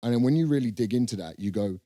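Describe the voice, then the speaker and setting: A man's voice: mid-range voice, lively intonation, fast talker, warm tone, no echo, clean studio sound. A young man, co-hosting a podcast in loose, joking banter and swearing freely. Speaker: podcast co-host. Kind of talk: casual banter.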